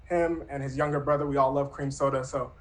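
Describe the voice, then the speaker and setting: A man's voice: mid-range voice, fairly even intonation, fairly quick, rough recording. A man in his thirties telling a true personal story in an earnest, reflective, conversational way. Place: Brooklyn.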